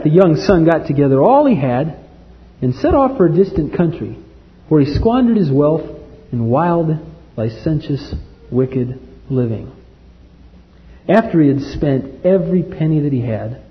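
Male preacher, impassioned sermon, lively raised pitch, dull hall recording. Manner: impassioned, swings from loud to hushed.

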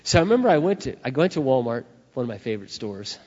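A man preaching a sermon through personal stories, animated, acting out dialogue and swinging between loud and soft. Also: medium pitch, fast. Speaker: pastor. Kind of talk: sermon with storytelling. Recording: dull recording in a reverberant hall.

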